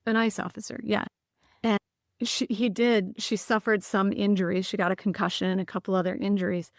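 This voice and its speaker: A woman's voice: mid-range voice, level tone, fairly quick, dry recording, studio quality. A woman, a podcast guest earnestly recounting stories with frequent restarts. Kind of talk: conversational storytelling.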